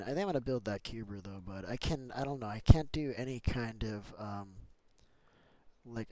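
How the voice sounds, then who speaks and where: A talkative male streamer with an average-pitched voice, chatting casually while he plays. He keeps wandering off onto side topics and calling out to his viewers. The sound is dry and close, with no room echo. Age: adult with kids. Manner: chatty, easily sidetracked, keeps greeting the chat. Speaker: Minecraft streamer. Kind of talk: casual livestream chat while gaming.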